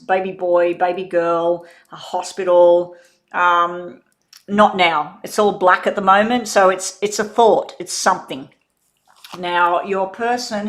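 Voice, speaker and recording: A woman giving a live-stream tarot reading, talking in a relaxed, rambling way as she eats and sets out cards. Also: mid-range voice. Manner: relaxed, rambling, chats while eating. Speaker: tarot reader.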